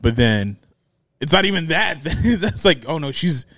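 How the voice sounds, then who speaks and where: A man's voice: a little high, lively intonation, unhurried, a bit bright, no echo. A man guesting on a podcast in casual chat, laid-back and laughing between his words, with many fillers.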